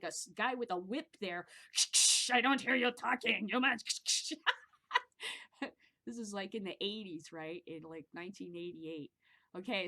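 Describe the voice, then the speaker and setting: A middle-aged woman from the American Midwest, hosting a casual monologue show, rambling and animated and swearing freely. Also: medium pitch. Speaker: podcast host.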